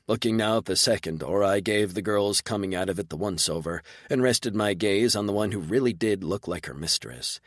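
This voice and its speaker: Brief: male audiobook narrator, lowish and terse, dead-dry studio sound. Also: brisk, few pauses, no echo. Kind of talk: scripted first-person narration.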